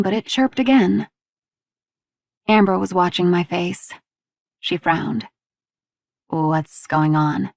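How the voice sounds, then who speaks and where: A woman's voice: medium pitch, creaky, darkish tone, no echo, studio quality. A woman narrating an audiobook, reading the dialogue with small shifts between characters. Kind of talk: scripted narration.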